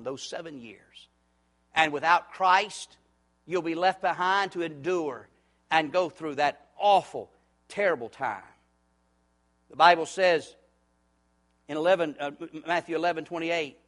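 Guy preaching hard, kinda high voice, yells then drops real quiet and pleads. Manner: swings from loud urgent shouting to low hushed pleading. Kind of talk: evangelistic sermon.

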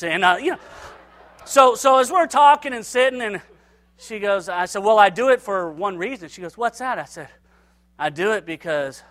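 A man preaching to a church, telling a personal story and acting out its dialogue with lively energy. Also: sits high, moderate pace. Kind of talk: sermon storytelling.

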